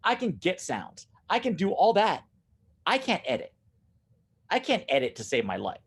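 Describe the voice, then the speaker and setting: A man talking casually as a guest about running his recording studio, animated and laughing often, repeating himself as he goes. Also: high-pitched, normal speed, husky. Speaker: guest, studio owner and drummer. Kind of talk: casual conversation.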